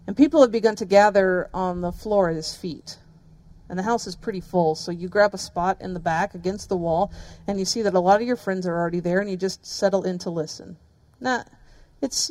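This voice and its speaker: A woman's voice: medium pitch, a little mellow, no echo. A woman pastor preaching a sermon, telling the story vividly and speaking directly to her listeners.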